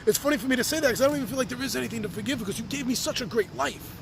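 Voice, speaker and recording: A man's voice: very high voice, racing, vocal fry, background noise. A man speaking a heartfelt open letter on his podcast, reflective and earnest, sometimes restarting his sentences. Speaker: podcast host writing to his birth mother. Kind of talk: personal open-letter monologue.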